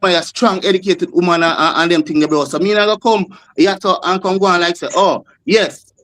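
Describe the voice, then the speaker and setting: A man's voice: sits high, steady tone, quick pace, a bit bright. A man with a Jamaican accent arguing on a discussion panel, repeating himself and calling others "brother". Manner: repetitive, insistent, keeps saying "brother". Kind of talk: heated panel debate.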